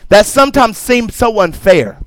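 High-voiced emphatic preacher man. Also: lively intonation, moderate pace, fairly bright tone, no echo, faint music behind. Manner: emphatic preaching with repetition and call-and-response asides. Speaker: pastor. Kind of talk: sermon. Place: church sanctuary.

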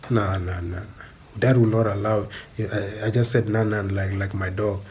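A man's voice: fairly low pitch, little pitch movement, moderate pace, a little mellow, a little hiss or hum. A South African man ranting bluntly on a stream, repeating himself and swearing. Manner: blunt, repetitive, swearing, emphatic. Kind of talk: angry ranting monologue.

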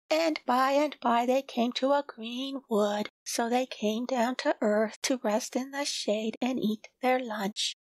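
A woman reading a children's storybook aloud, slowly and gently. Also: fairly high pitch, no echo, low-quality recording. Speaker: audiobook reader. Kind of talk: storybook narration.

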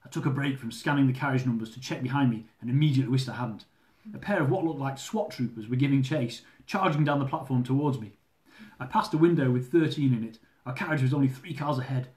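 Reading his own comic travel memoir, this man speaks fast in a mid-range voice, lively and theatrical, throwing in swearing for laughs. There's a spacious echo on the recording.

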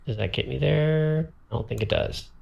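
A man demonstrates a tabletop game turn, reasoning out loud, counting squares, and fixing his own mistakes. The recording is muffled, and he speaks at medium pitch and normal speed with vocal fry and a darkish tone.

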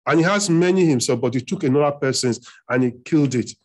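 A man delivers a sermon in a husky, slightly breathy voice that sits a little high for a man. He preaches with emphasis, repeating phrases and pushing his pitch upward when he stresses a point. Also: quick pace. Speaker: pastor. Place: church hall.

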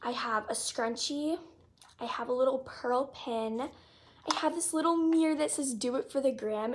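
Gushing and chatty, a teen girl runs through her haul, peppering everything with "like." Her voice is high, and a slight hiss or hum sits under it.

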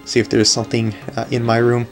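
A man's voice: medium pitch, completely flat delivery, fast, music in the background. A man giving casual gameplay commentary, chatty and laughing often. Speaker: let's play commentator.

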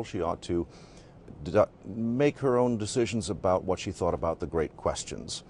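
Guest author, extremely low male voice, halting explainer, light background noise. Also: darkish tone. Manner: explanatory, with frequent uh and um pauses. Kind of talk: interview answers.

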